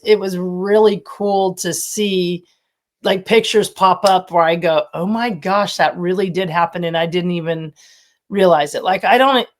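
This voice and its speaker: A woman in her fifties, a former college softball coach, telling stories with animation and frequent laughter as a podcast guest. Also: fairly low pitch. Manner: animated storytelling, laughs often. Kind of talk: casual podcast interview.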